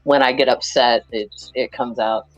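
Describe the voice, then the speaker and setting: Low-voiced chatty woman from Kentucky. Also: fairly even intonation, normal speed, faint music behind, low-quality recording. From Western Kentucky. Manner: chatty and rambling, with many restarts. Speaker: guest. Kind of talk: casual video call chat.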